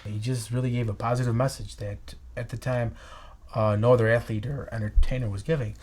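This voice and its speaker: A man in his forties, telling stories in a documentary interview with an excitable, emphatic manner, acting out his own shouting. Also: medium pitch, fairly quick. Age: 40s. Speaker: interviewee, lifelong wrestling fan. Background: background score music.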